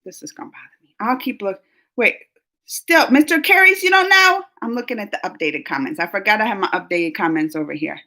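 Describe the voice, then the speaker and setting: A woman's voice: medium pitch, animated, fairly quick, sharp tone, low-quality recording. A woman hosting a casual live chat with viewers, rambling and laughing as she answers their comments. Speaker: live-stream host.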